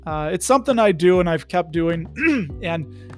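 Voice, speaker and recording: Goofy solo podcast host, man, high voice, rambling, faint music underneath. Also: expressive, normal speed, darkish tone. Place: his home in the Chicago suburbs.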